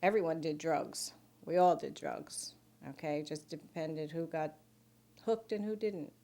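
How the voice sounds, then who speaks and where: An older woman speaks in a documentary interview, with a fairly low voice. She tells family stories in a lively, anecdotal way. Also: a little slow.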